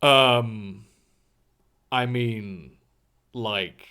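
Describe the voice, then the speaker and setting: A man casually chatting on a livestream, reading out and answering viewer comments in a halting, rambling way with many fillers and some swearing. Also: mid-range voice, bright, forceful tone, clean tone. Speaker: live streamer answering chat.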